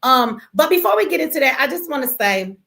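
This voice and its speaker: A woman's voice: high-pitched, brisk. Detroit woman w/ aave venting on her livestream, tired, fired up, cussing. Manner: animated, exasperated, swears freely, talks straight to viewers. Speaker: livestream host. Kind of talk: casual live-stream rant.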